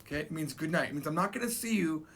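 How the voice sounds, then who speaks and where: Give me a man in his forties teaching a relaxed language lesson, his voice a touch high and very animated. He talks in a chatty, emphatic way and slowly repeats each phrase so learners can copy it. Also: slightly rough. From Japan. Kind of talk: casual spoken lesson.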